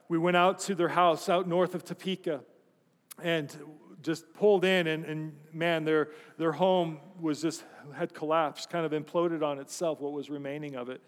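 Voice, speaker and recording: A man's voice: fairly high pitch, in a large hall. A man preaching a sermon, telling a story with self-deprecating humor and asking his congregation questions. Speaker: pastor.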